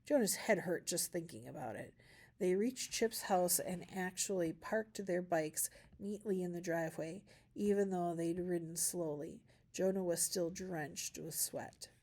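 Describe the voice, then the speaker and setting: A woman with a fairly low voice reads a novel aloud for a school class. She narrates steadily and gives each character only a light change of voice. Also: measured pace, darkish tone. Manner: storybook narration with small voice shifts for characters. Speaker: reader.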